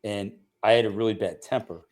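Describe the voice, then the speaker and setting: A man in his forties talks casually on a podcast, thinking back over his own behavior. His voice sits a little low. He speaks in a relaxed, conversational way. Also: fairly quick. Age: 40s. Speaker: podcast co-host. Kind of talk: casual chat.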